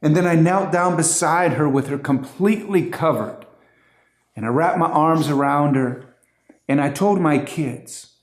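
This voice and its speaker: A man's voice: fairly high pitch, a little slow. A middle-aged man earnestly telling an emotional family story as a personal testimony. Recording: roomy echo.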